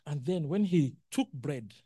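A preacher giving a sermon in an animated way, acting out quotes and asking the congregation questions. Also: mid-range voice, a little slow, slightly rough, no room sound, clean studio sound.

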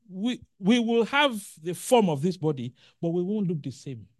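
A preacher delivers a sermon animatedly, acting out quotes and putting questions to the congregation. The medium-pitched voice comes through clean studio sound with no echo.

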